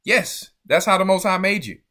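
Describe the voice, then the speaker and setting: A man hosting an online show, giving casual, animated commentary on video clips with laughing, preacher-like asides. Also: high-pitched, normal speed.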